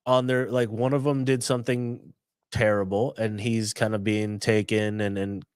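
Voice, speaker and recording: A young adult man co-hosting a casual podcast chat, rambling and animated as he retells scenes. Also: lowish voice, moderate pace, clean tone, no echo, clean studio sound. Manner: rambling, animated retelling with loud acted-out quotes. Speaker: podcast co-host.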